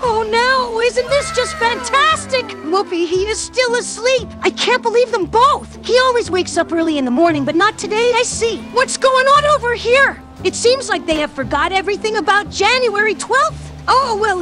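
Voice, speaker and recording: A voice actor playing an eager, whiny twelve-year-old boy in a game machinima who talks to himself. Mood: sulking. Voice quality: very high, squeaky childlike voice. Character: excited 12-year-old boy on his birthday.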